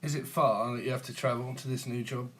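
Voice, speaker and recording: With a little hiss or hum in the audio, a man's steady, fairly bright, mid-range voice moves fairly quickly. He's a tarot channel host from England in his forties, livestreaming casually on his phone and teasing viewers with jokes and frequent chuckles.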